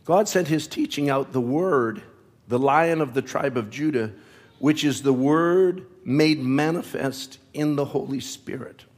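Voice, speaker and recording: A man preaching a sermon in a church, slow and deliberate, with asides to the congregation, troubled by a cough. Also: medium pitch. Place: church sanctuary.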